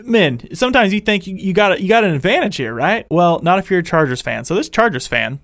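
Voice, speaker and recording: A young man hosting a casual sports fan show, excitable and rambling, full of restarts. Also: high voice, brisk, no room sound, clean studio sound. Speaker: podcast host.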